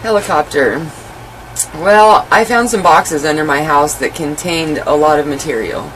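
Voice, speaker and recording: A woman's voice: low-pitched, measured pace, a bit bright, a little hiss or hum, rough recording. A woman guest in an interview, telling her life story candidly and animatedly, with many "you know" fillers.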